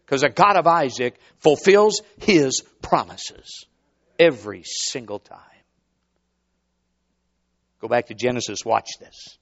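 Male preacher, very animated pitch, call-and-response sermon, muffled recording. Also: measured pace, pauses often. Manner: dramatic, swooping, rhetorical, call-and-response.

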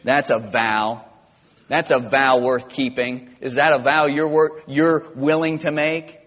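Slow impassioned preacher man, echoing hall. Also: mid-range voice, level tone. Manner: impassioned, swings from quiet to loud. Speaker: pastor. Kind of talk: sermon. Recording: dull lo-fi with long church reverb.

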